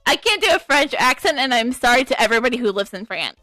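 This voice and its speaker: A woman's voice: a little high, big pitch swings, fast, hardly any pauses, sharp tone, dry recording, faint music behind. A woman streamer giving casual game commentary, rambling and stumbling over her words with a self-deprecating manner. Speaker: let's play streamer.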